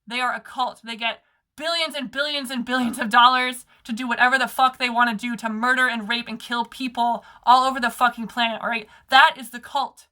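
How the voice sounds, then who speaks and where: Heated, sarcastic young woman, high bright voice. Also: steady tone, fairly quick. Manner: sarcastic, heated, many fillers like "like" and "okay". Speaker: organizer giving a talk. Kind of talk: impassioned political talk.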